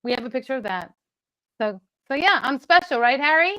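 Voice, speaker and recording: A woman's voice: high voice, animated, a little fast, sharp tone, poor audio. Chatty, giggly woman bickering playfully. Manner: chatty, giggly, rambling storytelling. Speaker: comedian co-host. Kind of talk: comic bickering chat.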